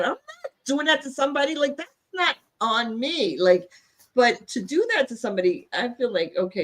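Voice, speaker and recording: Middle-aged woman, podcast co-host; candid, animated storyteller, pitch jumps when she gets riled. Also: slight background noise. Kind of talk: candid casual chat.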